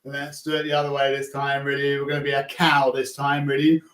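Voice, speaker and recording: Upbeat man leading warm-ups in an echoey room. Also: medium pitch, monotone, brisk. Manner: upbeat, playful, coaxing instructions. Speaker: primary school music teacher.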